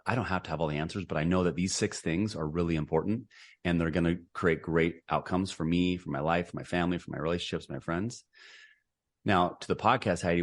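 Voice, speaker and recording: A middle-aged man speaking as an interview guest and author, earnest and rambling, often restarting his sentences. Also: low voice. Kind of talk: casual interview conversation.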